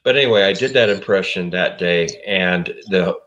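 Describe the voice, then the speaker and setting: Co-host, fifties, very deep voice, rambling teller. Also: male voice, normal speed, fairly bright tone, lo-fi sound. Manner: rambling storyteller, self-interrupting. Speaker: show producer and co-host. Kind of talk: casual comedy podcast chat.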